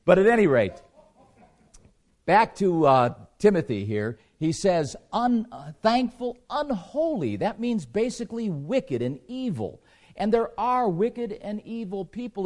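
A man preaching a sermon in an emphatic way, repeating phrases for stress and pausing on fillers between points. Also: a little high, darkish tone.

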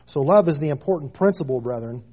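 A husky, mellow-toned man in his thirties delivers a sermon. He leans hard into key phrases, repeating them for weight, and sits a little higher in pitch than most men. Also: expressive, quick pace. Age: 30s. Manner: preaching with rising emphatic stresses and repeated phrases. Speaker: preacher.

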